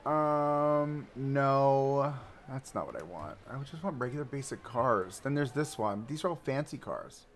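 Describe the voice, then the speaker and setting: A man live-streaming a park-building game, chatting and thinking aloud as he browses and places items, swinging between excited outbursts and low mutters. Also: a little slow, slight background noise. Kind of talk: casual live-stream commentary while building.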